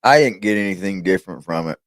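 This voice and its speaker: A man hosting a reaction channel, talking casually and crudely with teasing asides and loud whoops. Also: deep voice, animated, quick pace, no echo.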